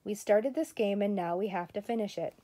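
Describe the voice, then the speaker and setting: A woman's voice: medium pitch, a little fast, mellow, close to an everyday voice. An older woman voicing a bossy, eager young girl in a read-aloud storybook. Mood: insistent.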